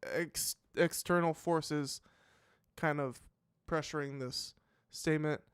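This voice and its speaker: A male reaction-show host talks in a loose, musing way, full of "um"s and restarted sentences. His voice sits slightly high and sounds smooth and resonant. The sound is close and dry, with no room echo. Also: fairly even intonation, slow pace. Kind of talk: casual live reaction commentary.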